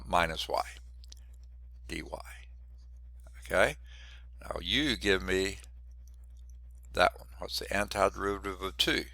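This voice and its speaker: Male math instructor, congested and short of breath, bright edgy low voice, throat-clearing, wry asides. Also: dry recording. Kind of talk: classroom lecture.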